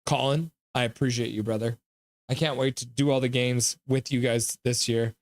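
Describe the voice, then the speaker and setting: A man's voice: medium pitch, fairly even intonation, moderate pace, no echo, studio quality. A man hosting a casual live hockey stream, chatting and reading viewer comments aloud in a jokey, friendly way. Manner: chatty, jokey, reads chat aloud and thanks donors.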